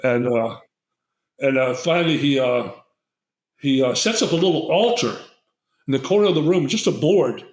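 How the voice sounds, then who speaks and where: A man's voice: medium pitch, expressive, normal speed, long pauses, a little mellow. Older man telling a rambling story. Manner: rambling, many fillers and restarts. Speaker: guest herbalist. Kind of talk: storytelling in conversation. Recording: roomy echo.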